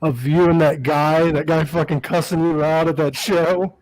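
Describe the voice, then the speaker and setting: A man's voice: a little high, fairly even intonation, normal speed, a little mellow, poor audio. A man hosting a podcast in a casual chat, laughing often and swearing loosely while reading fan questions. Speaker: podcast host.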